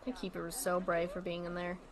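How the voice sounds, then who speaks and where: A woman's voice: fairly low pitch, monotone, a little fast. A woman streaming a game in casual chat, rambling and chatty, often trailing off, restarting and swearing casually. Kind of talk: casual chat while playing a zoo-building game.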